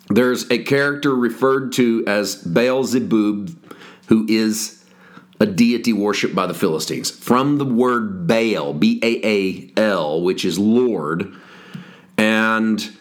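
A man hosting a Bible study podcast, explaining scripture in a wry, explanatory way. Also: lowish voice. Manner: explanatory, wry, slow and deliberate. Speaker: podcast host teaching scripture.

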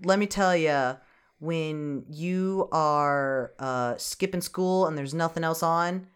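An animated, jokey podcast host in casual chat who swears a lot. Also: medium pitch, takes it slowly, smooth.

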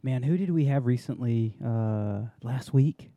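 A man's voice: medium pitch, measured pace, warm tone, no room sound. A man hosting a casual podcast, joking loosely and laughing often. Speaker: podcast host.

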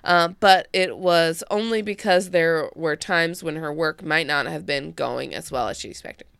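A woman's voice: deep voice, unhurried, gravelly, fairly bright tone, smooth, no echo. A woman hosting a casual chat, reading an article aloud and often breaking off to joke and ramble. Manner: rambling, self-interrupting, giggly. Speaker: podcast host.

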